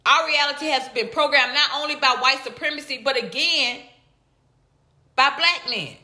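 Bright-voiced woman live-stream host. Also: normal speed, echoey room. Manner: animated, greets viewers in high excited bursts. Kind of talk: casual live-stream commentary.

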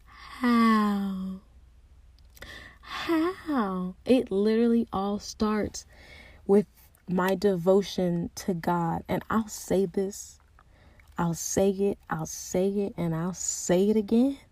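Young woman talking slow n earnest about faith, dry close sound, keeps restarting her thoughts. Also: mid-range voice, no echo. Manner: earnest and searching, thinking aloud with restarts and soft asides. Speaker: Christian speaker sharing personal reflections. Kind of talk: candid personal reflection.

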